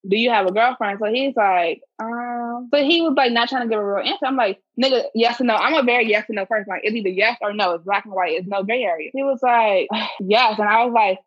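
A young woman hosting a podcast, telling a story in casual chat, animated and swearing freely, acting out quotes. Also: a little high, quick pace. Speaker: podcast host. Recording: muffled lo-fi recording.

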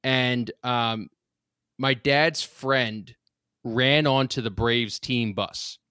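Young philly dude rambling thru a story, dry close sound. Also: male voice, mid-range voice, steady tone, drawn-out words, bright, forceful tone, clear, resonant tone, dry recording. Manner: rambling anecdotes with laughs and restarts. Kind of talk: casual storytelling chat.

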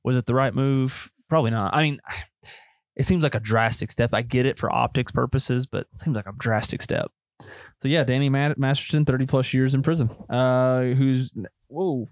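A man's voice: medium pitch, fairly even intonation, normal speed, no room sound, clean studio sound. A man chatting on a podcast, telling rambling jokey stories. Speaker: podcast co-host. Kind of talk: casual chat.

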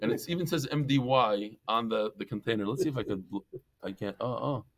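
A man teaching a Talmud class, lively and joking as he tells stories and mixes in Hebrew and Yiddish terms. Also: mid-range voice, a little fast.

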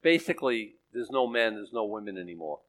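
A man preaching a sermon as pastor, swinging between loud urgency and hushed softness, often repeating and restarting phrases. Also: fairly low pitch, very animated, a little fast, low-quality recording.

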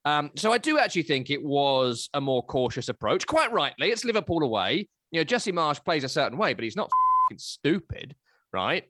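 A man, hosting a casual football analysis chat, chatty and animated. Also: fairly high pitch, normal speed, no echo. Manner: animated, chatty, breaks into silly voices. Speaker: football podcast host.

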